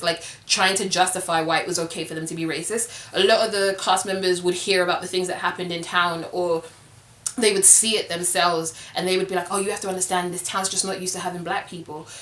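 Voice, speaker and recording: A woman's voice: fairly low pitch, pushed and bright, echoey room. Candid young woman telling a story. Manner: candid, conversational, many "like" fillers. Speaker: vlogger. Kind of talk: personal storytelling to camera.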